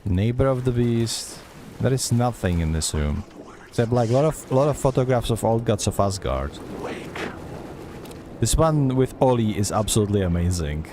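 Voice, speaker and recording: A man's voice: medium pitch, lively intonation, moderate pace, warm tone, slight background noise. A man streaming a horror game, chatty and sarcastic, talking back at the game as he plays. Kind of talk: gameplay commentary.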